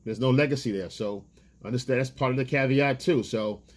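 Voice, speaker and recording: A man's voice: mid-range voice, a little fast. Blunt, profane man giving dating advice. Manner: blunt, profane, street-casual talk. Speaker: dating coach. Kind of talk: casual advice monologue.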